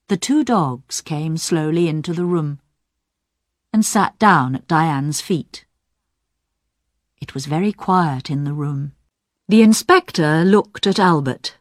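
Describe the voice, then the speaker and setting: Very slow, expressive woman narrator. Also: lowish voice, no echo, studio quality. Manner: clear, expressive, deliberate. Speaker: audiobook narrator. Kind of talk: slow graded-reader narration.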